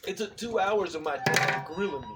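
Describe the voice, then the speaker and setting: A man's voice: sits high, animated, brisk, over loud music. A man co-hosting a podcast, telling a long rambling story in casual, profane chat with lots of fillers. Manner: rambling, profane, fillers like "you know what I'm saying". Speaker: podcast co-host. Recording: distant mic with clear background noise.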